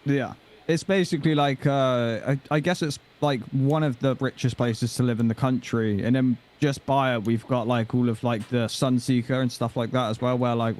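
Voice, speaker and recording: Man, from Dorset, casual chat, hesitant, fillers, mid pitch. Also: darkish tone. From Dorset, England. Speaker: guest.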